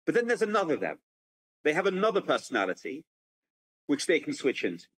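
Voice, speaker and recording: Animated man giving a lecture. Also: on the high side, a little fast, husky, rough recording. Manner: lively, animated storytelling with frequent restarts. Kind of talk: public lecture. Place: at home with a computer, remote talk.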